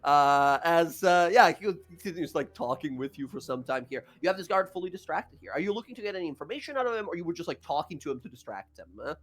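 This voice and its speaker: High-voiced casual game master. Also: male voice, animated, fast talker, few pauses, a bit bright. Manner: casual, rambling, many fillers. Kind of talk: narrating a tabletop game.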